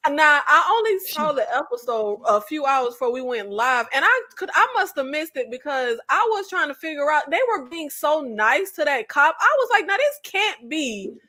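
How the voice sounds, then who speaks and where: A woman's voice: sits high, sing-song, moderate pace, hardly any pauses, pushed and bright. A woman giving playful, emphatic commentary on a TV show in casual slang. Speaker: panelist on a live TV breakdown stream.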